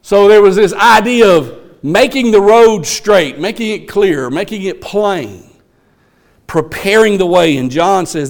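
A man's voice: high voice, expressive, measured pace, creaky. A man preaching a sermon, moving from folksy asides to emphatic proclamation. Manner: folksy, teasing a colleague.

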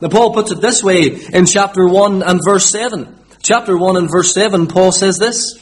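A man's voice: high-pitched, moderate pace, a little hiss or hum. A man from Northern Ireland with a Northern Irish accent, preaching a sermon and repeating his key words for emphasis.

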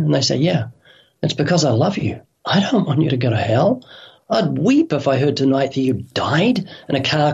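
A man's voice: on the high side, creaky, breathy edge, dull audio. A man speaking as an evangelist guest on a radio interview, earnest and urgent as he tells vivid illustrations.

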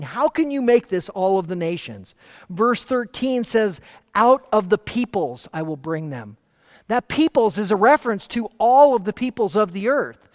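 A man with a high voice preaches a verse-by-verse sermon to his congregation. He turns from quiet, confiding asides to forceful, emphatic points, and his words ring out with a long reverb, as in a large hall. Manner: emphatic, shifts between hushed asides and forceful declarations. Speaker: pastor. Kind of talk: expository sermon.

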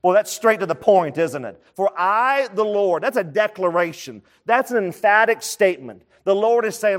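A man's voice: high voice, animated, moderate pace, few pauses. A man preaching a sermon as pastor, emphatic and repeating his key points so the congregation can write them down. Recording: long reverb of a large hall.

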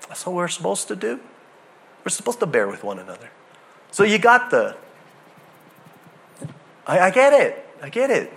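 Animated storytelling male preacher. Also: high-pitched, moderate pace, gravelly, pauses often. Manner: conversational, animated storytelling with restarts. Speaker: pastor. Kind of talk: sermon with personal story.

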